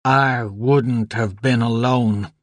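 A man's voice: mid-range voice, unhurried, no room sound, clean studio sound, lightly acted. A man reading an audiobook, voicing an angry grown man who speaks in clipped, seething demands.

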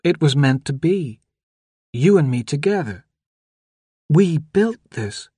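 A weak, cold and frightened young woman with a small, feeble voice, raised noticeably higher than the reader's own, as a male narrator puts her on. She talks slowly and brokenly, close and dry, as in a storybook reading. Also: expressive, warm tone, slightly rough, no room sound, full character voice. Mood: pleading.

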